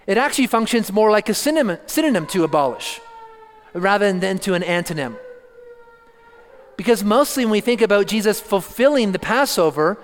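A man preaching a sermon, teaching earnestly and deliberately, stressing points through repetition. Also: high-pitched, clear, resonant tone, in a large hall.

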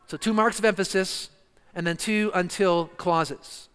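A man preaching an expository sermon, emphatic and slowing down to stress key words. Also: high-pitched, a bit bright, clean tone. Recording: long reverb of a church hall.

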